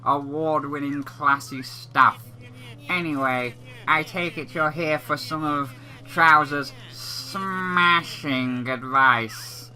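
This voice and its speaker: A man voicing a scheming snake salesman in a game, talking in a drawn-out, salesy drawl. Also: fairly high pitch, pushed and bright, full character voice, poor audio.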